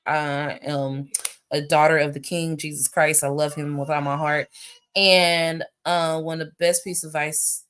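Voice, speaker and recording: A woman, chatting animatedly with viewers as she answers their questions in a live stream. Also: low-pitched. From United States. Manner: animated, chatty, reads questions aloud, addresses viewers as y'all. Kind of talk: casual live Q&A chat. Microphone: phone or webcam for a live stream.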